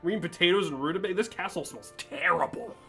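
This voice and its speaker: A streamer playing through a role-playing game with a friend, talking casually and swearing freely. Often breaks into laughter and reads the dialogue boxes aloud. Game music plays clearly underneath. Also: medium pitch, fast talker, bright, forceful tone. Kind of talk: casual let's-play banter.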